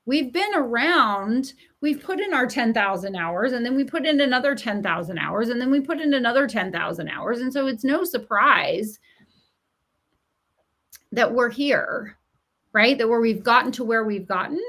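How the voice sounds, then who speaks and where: Animated, higher-voiced middle-aged woman. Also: normal speed. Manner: animated storyteller who acts out quoted voices and laughs often; emphatic, encouraging. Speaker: author and writing coach, podcast guest. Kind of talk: conversational podcast interview.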